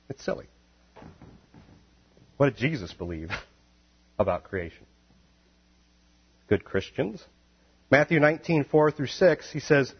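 A man preaching a sermon, reading scripture calmly, then building to loud, emphatic, high-pitched exhortation. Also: moderate pace, pauses often, slightly rough. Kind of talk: impassioned sermon. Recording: dull lo-fi recording.

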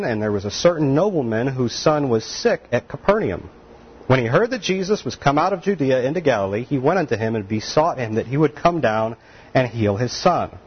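A man's voice: medium pitch, husky, dull audio. Folksy man preaching a sermon. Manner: folksy, laughs often, acts out quoted voices. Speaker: pastor.

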